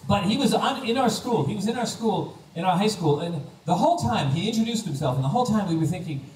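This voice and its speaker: High-voiced American man doing stand-up. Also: quick pace, hardly any pauses. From United States. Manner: animated storytelling, acting out quoted voices. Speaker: stand-up comedian. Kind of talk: stand-up comedy set. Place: comedy stage before a laughing audience. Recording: roomy live stage sound, distant, faint ambience.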